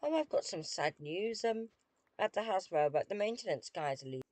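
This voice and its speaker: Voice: medium pitch, lively intonation, brisk, a little mellow, no room sound. A British streamer chatting casually with viewers while playing a game, dry and self-deprecating.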